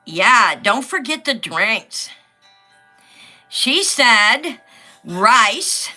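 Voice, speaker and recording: Slow-talking bright-voiced woman. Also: a little high, big pitch swings, faint music behind. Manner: chatty, reads viewer comments aloud. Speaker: livestream host. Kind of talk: casual livestream chat while coloring.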